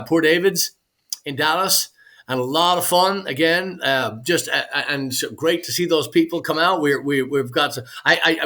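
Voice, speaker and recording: Casting: bright, fairly high male voice, effusive podcast co-host, stumbles over his words. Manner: effusive, full of restarts and praise. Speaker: band member and podcast co-host. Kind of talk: casual podcast chat.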